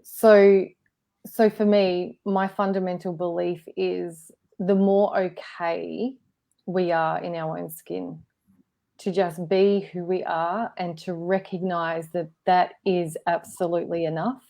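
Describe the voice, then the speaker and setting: An Australian woman speaking as a guest in a live online discussion, coming through a video call. Her voice sits low for a woman, and she talks in an earnest, reflective way. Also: flat delivery, slow pace, vocal fry, mellow.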